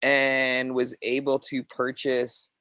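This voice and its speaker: A man's voice: mid-range voice, completely flat delivery, slow pace, bright, forceful tone, no echo. Matter-of-fact man on a video call. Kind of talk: casual video call chat.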